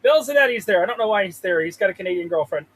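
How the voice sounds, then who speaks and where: A man's voice: high voice, lively intonation, rapid-fire, breathy edge, poor audio. A man hosting a casual live trading stream from a trailer, rambling and swearing as he talks to the chart. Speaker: livestream host trading stocks. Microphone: desk mic with pop filter.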